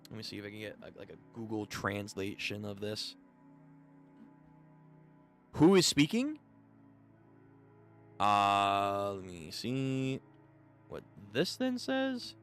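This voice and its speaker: A man reacting out loud on a live manga readthrough stream, swinging his pitch all over as he talks. His tone is bright and forward, loose and slangy, and soft music hums faintly behind him. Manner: animated and slangy, chatting to viewers. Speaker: streamer reading manga aloud. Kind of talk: casual live readthrough commentary.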